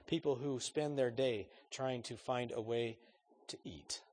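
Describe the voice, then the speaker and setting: A man's voice: mid-range voice, fairly even intonation, measured pace, a little mellow. A man preaching a sermon in an earnest, conversational way, putting questions straight to his congregation.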